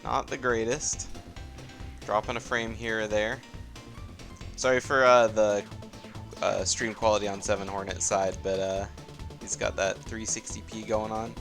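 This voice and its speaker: A man with a lowish voice casts a live racing game tournament, giving esports play-by-play in a chatty, laid-back way that trails off into fillers. His delivery is flat and his pace measured, with long pauses. Soft game music plays behind him.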